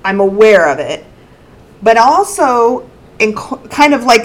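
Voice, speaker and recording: A woman's voice: on the high side, fairly bright tone, rough recording. A woman co-hosting a podcast, thinking aloud and searching for words in a casual conversation. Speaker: podcast co-host.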